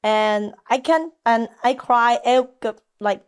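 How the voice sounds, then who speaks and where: A woman fighter with a Thai accent, speaking halting English with earnest candor. Her voice sits fairly high and comes through smooth and clear as she answers as a guest.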